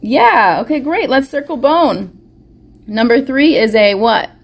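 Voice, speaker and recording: A woman leads a children's phonics lesson on a live stream, speaking at an unhurried, deliberate pace. Her voice sits a little high, and she sounds out each word carefully, cheering the kids along with gentle encouragement. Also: expressive. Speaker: preschool teacher. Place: school or home classroom, live stream.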